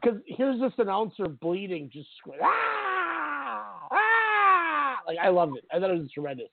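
Gravelly man chatting over a tinny line. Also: high voice, fast. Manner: enthusiastic, animated storytelling with acted-out quotes. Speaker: podcast co-host. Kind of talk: casual wrestling podcast chat. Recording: tinny phone-like audio, dry.

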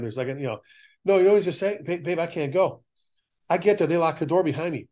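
Animated middle-aged man telling stories. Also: on the high side, brisk. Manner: animated storyteller acting out quoted voices. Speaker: fire service podcast host. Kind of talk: storytelling in casual chat.

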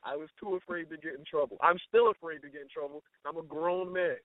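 A man's voice: a little high, fast, no room sound. A man in his twenties co-hosting a casual radio call-in show, telling stories with a laugh and teasing a caller. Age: 20s. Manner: laughing, storytelling, playful teasing. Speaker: co-host. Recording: tinny phone-line sound.

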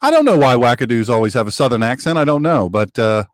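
A man of middle pitch hosts a political talk show in a rambling, opinionated monologue. He repeats phrases for emphasis and reads out listener messages. His voice sounds dry and close to the mic. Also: big pitch swings, fast talker, dry recording.

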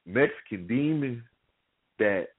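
A man's voice: mid-range voice, expressive, takes it slowly, slightly rough, dry recording. A man co-hosting a casual talk show, blunt and profane, stumbling over repeated words. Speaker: co-host. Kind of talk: casual radio chat. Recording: dry phone-line audio.

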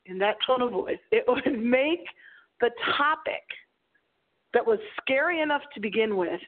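A woman's voice: a little high, lively intonation, a little slow. A woman in her forties hosting a paranormal radio show, speaking into a small microphone with a dramatic storytelling delivery. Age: 40s. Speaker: radio host. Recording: tinny phone-like audio.

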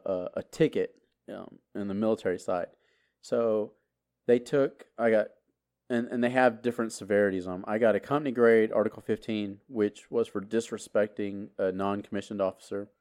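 A man's voice: lowish voice, darkish tone. A middle-aged man, a podcast host telling a long personal story in a casual, rambling way, full of filler words and restarts. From Texas.

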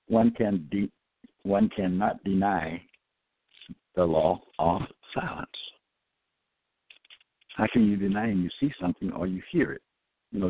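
A man giving a halting religious teaching, full of fillers and restarts, who slows down and stresses each word when he quotes scripture. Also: sits low, breathy edge, no echo. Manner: emphatic, drawn-out scripture quoting. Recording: tinny phone-line audio, dry.

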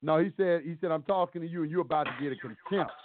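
A man's voice: fairly high pitch, fast talker, background noise. A man telling stories casually on a call-in show, acting out both sides of the dialogue. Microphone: phone call. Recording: tinny dry phone line.

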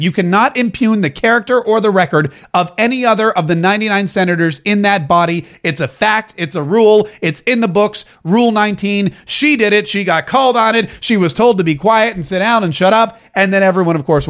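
A man's voice: sits high, brisk, few pauses, a bit bright. A male talk radio host delivering a political monologue, sarcastic and emphatic, repeating phrases for effect.

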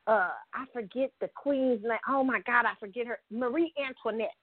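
A woman's voice: fairly high pitch, moderate pace, no room sound. A woman ranting bluntly in a heated, profane vlog, swearing freely and laughing between points. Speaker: vlogger. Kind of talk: profane political rant. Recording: tinny phone-like sound.

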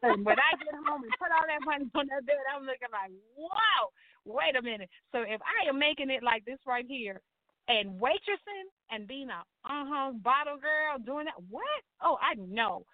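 A middle-aged woman tells her story with lively, acted-out quotes and church exclamations. Her voice sits a little high. It comes over a thin, phone-like line with a dry sound. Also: normal speed, no echo. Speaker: guest. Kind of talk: personal testimony in a talk show.

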